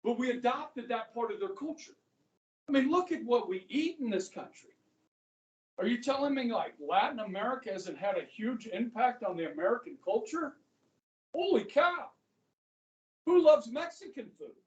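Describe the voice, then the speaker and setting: A man's voice: very high voice, big pitch swings, normal speed, a little mellow, highs cut off. Male history teacher, casual joking lecture, rhetorical questions, far from the mic, roomy echo. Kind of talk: classroom lecture. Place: classroom. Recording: echoey classroom, speaker far from the mic.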